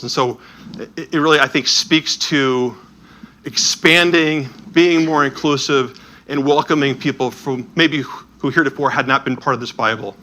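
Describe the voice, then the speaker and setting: A man's voice: mid-range voice, pushed and bright. A man presenting images from an illuminated Bible and telling stories about them. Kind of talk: storytelling talk with slides.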